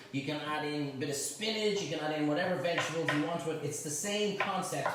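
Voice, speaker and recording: A middle-aged Irish man hosts a cooking show, keeping up a stream of chatty, teasing banter as he cooks. His voice sits a touch high for a man. It rings around a very echoey kitchen, picked up from some distance off the mic over faint background noise. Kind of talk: live cooking demonstration. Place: home kitchen.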